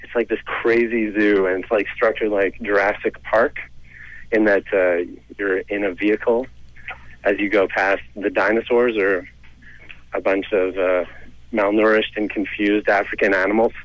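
A man's voice: lowish voice, flat delivery, normal speed, low-quality recording. A young Canadian man, a comedian and storyteller, telling a self-deprecating story in a casual, rambling way with lots of "like" and "you know".

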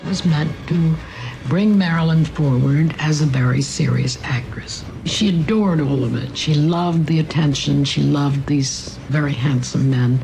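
A woman's voice: low-pitched, measured pace, vocal fry, mellow, a little hiss or hum, poor audio. An older woman reminiscing in an interview, reflective and tender as she tells her story.

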